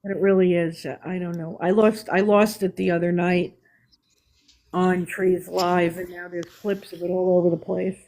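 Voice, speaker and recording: A woman's voice: on the low side, flat delivery, moderate pace, darkish tone, poor audio. A woman with a New York accent hosting a live stream, talking candidly in casual chat with restarts. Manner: chatty, candid, with restarts and laughs.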